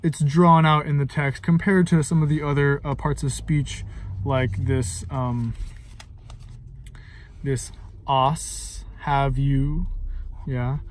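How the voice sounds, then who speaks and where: Slow, halting man explaining music. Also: medium pitch, level tone, slight background noise. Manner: halting, thinks aloud with many fillers; sings short phrases to illustrate. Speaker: music teacher and composer. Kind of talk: informal music lesson.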